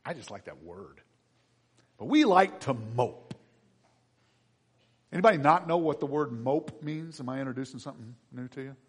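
A man preaching a sermon, asking the congregation and children questions and swinging between quiet asides and loud, emphatic build-ups. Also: medium pitch, animated, normal speed, pauses often, slightly rough, in a large hall. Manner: addresses the congregation and kids with questions. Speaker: pastor.

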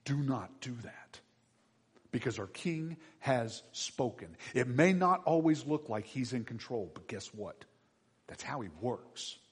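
A man preaching a children's sermon as pastor, swinging between hushed and loud emphasis. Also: mid-range voice, lively intonation, measured pace, slightly rough.

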